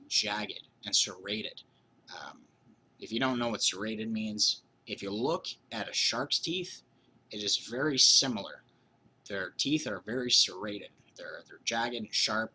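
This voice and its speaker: A hoarse man with a lowish, very bright and piercing voice, telling a ghost story from his childhood. He rambles casually, stumbling over restarts and filling gaps with "you know". A faint hiss sits under the recording. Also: poor audio. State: hoarse from being sick.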